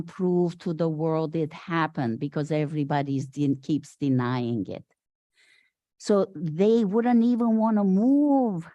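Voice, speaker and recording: An older woman from Syria, a guest speaker giving an animated storytelling talk at a Sunday service, acting out the voices she quotes. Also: fairly low pitch, no echo. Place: spiritual center meeting hall.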